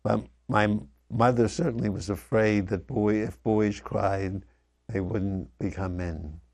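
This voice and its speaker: An older man telling personal memories straight to his father, reflective, often letting his voice sink soft and low. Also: steady tone. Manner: slow, reflective, often dropping softly. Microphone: wired microphone.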